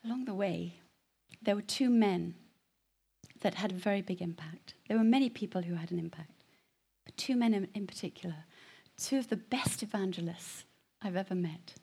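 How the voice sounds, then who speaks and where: A middle-aged woman giving a personal testimony to a congregation, telling her story dramatically and dropping to hushed whispers before rising to loud emphasis. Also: medium pitch, moderate pace, gravelly, breathy edge. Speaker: guest speaker giving testimony.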